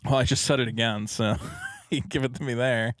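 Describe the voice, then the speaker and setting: A man's voice: mid-range voice, steady tone, brisk, a bit bright, no room sound. A man from Massachusetts co-hosting a podcast, reading viewer messages in a chatty, wry way and laughing easily. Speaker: podcast co-host.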